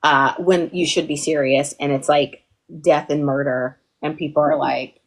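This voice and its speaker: A woman's voice: sits low, fairly even intonation, unhurried. A young woman from the US East Coast teaching a casual livestream lesson, chatty and playful, digressing often and asking "okay?". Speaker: online TV pitching instructor.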